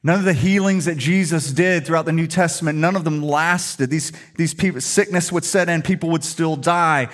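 A man's voice: a little high, normal speed, hardly any pauses, fairly bright tone. A middle-aged male pastor preaching a sermon in a humorous, conversational storytelling way.

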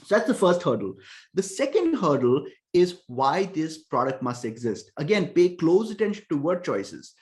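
A man talks through his ideas on a podcast with wide swings in pitch. He leans hard on key words and doubles back on phrases as he thinks. It is relaxed, conversational interview talk. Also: normal speed. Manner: animated explainer, emphatic, repeats words when thinking. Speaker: podcast guest, ecommerce conversion expert.

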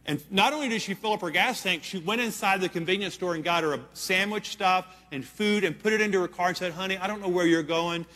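A man's voice: high-pitched, quick pace, few pauses, sharp tone. A man preaching a sermon, telling a story in an earnest, emphatic way and checking in with his listeners. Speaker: pastor. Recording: long hall reverb.

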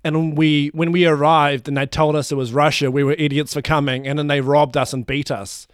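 A man's voice: fairly high pitch, brisk, clean tone, no room sound, clean studio sound. A man bantering on a comedy podcast, telling absurd made-up stories with a straight face. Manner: deadpan absurd storytelling. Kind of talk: improvised comedy chat.

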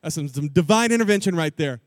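A male preacher telling a story in an animated, jokey, slangy sermon style. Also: fairly high pitch, quick pace, no echo, studio quality.

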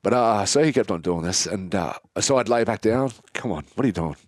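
An Australian man telling his own story in an interview, candid and halting, often restarting his sentences. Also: on the low side, animated, no room sound, studio quality. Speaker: guest.

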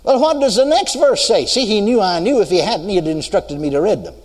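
Animated and brisk, an older preacher from the United States tells a story during his sermon and checks whether the congregation is listening. His high-pitched voice is slightly rough, and the recording has a long hall reverb.

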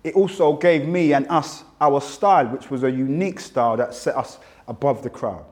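London man in his fifties, animated interview guest, middle-range voice. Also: mid-range voice, normal speed. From England. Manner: animated storyteller, acts out quotes. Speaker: interviewee, rapper. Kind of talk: reflective interview talk.

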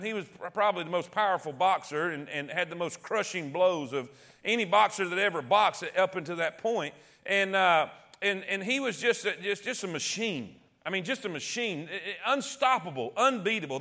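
A man leads a Bible study, reading scripture and then breaking into emphatic, conversational explanation. His voice sits high and sounds bright, and his talk is full of restarts.

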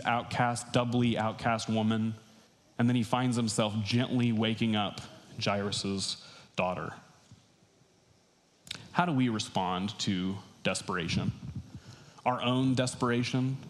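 A young adult man, a pastor, giving a sermon in a relaxed, conversational way with casual asides. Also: mid-range voice.

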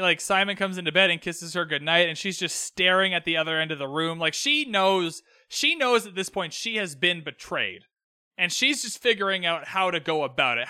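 A young man hosting a solo recap podcast, talking alone in a room, animated and earnest as he retells scenes. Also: high-pitched, clean tone, no echo, clean studio sound. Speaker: podcast host.

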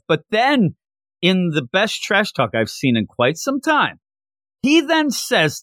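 A man co-hosting a casual podcast chat, talking in an animated way and laughing as he retells scenes. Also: high voice, takes it slowly, dry recording, studio quality. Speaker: podcast co-host.

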